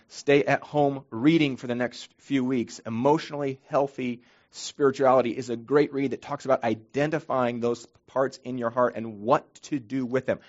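A man delivers a sermon as pastor, his voice sitting at an ordinary middle pitch. He preaches earnestly and with emphasis, repeating words as he restarts his phrases. The recording sounds dull and lo-fi.

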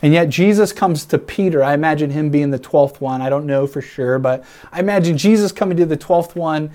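A pastor preaching a sermon in an earnest, reflective way, building emphasis by repeating phrases. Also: male voice, a little high, a little fast, a little mellow. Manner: reflective, imagines himself in the scene.

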